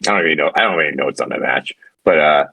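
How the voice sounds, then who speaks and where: A man co-hosting a casual podcast chat, rambling and animated, with frequent restarts and swearing. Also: rumbling low, racing, gravelly, husky. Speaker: podcast co-host.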